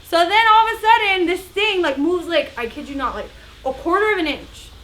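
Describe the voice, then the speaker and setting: Bright high-voiced young woman vlogger. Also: fairly quick, slight background noise. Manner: chatty, animated, acts out other people's voices. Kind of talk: casual storytime.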